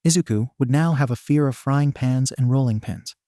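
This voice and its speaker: A man's voice: medium pitch, normal speed, dark tone, no echo, clean studio sound. A man narrating a comic story in a wry, playful way.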